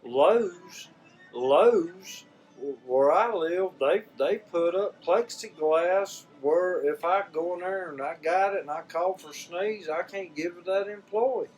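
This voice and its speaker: A man with a high-sitting voice talks at a measured pace with few pauses, over soft background music in poor audio. He's an older Southern US vlogger speaking casually and from the heart to his viewers, folksy and rambling, often repeating his words.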